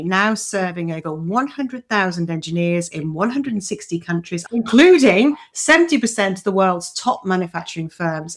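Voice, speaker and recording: A woman with a fairly low voice hosts a podcast interview. She talks in a chatty, encouraging way and often starts over mid-sentence. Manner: warm, chatty, with fillers and restarts. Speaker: podcast host.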